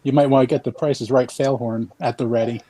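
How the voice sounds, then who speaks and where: Guest: mid-voiced man, relaxed, brief replies. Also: mid-range voice, fast. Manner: laid-back, brief answers. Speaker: patron guest.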